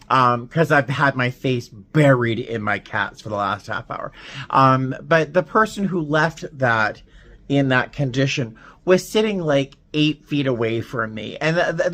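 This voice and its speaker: A man's voice: medium pitch, bright, forceful tone, dry recording. A man, a flight attendant, telling a story in a casual vlog. He talks in an emotional, dramatic way, with sudden emphatic swings.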